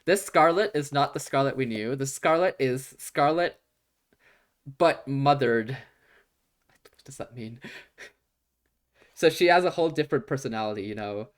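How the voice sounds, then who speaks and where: A male streamer reading a story game aloud and breaking into eager, excitable commentary. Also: medium pitch, normal speed, pauses often. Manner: reads game text aloud, then breaks into excitable chatter.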